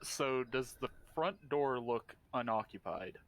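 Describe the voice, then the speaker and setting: A man playing in a tabletop game, calmly describing what his character does. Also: mid-range voice, slow. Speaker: player. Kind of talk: casual tabletop play.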